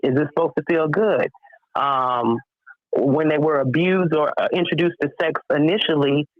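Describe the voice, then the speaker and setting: A middle-aged woman with a Chicago accent calls in and speaks frankly and thoughtfully, pausing often on fillers. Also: low voice, dry recording. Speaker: caller. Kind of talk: casual chat. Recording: muffled phone line.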